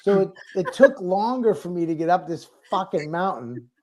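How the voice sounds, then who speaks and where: A man's voice: high voice, lively intonation, moderate pace, a little mellow. A male comedian telling a self-mocking story in casual, rambling talk with crude language. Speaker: comedian guest.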